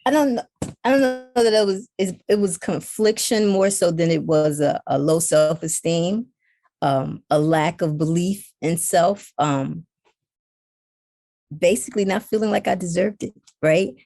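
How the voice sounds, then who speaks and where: An animated woman with a fairly low voice speaks openly as a guest, slipping into other people's voices as she tells a story. The sound is dry and close, with no room echo. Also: unhurried. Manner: animated, acts out quoted dialogue. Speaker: interview guest. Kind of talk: candid conversational interview.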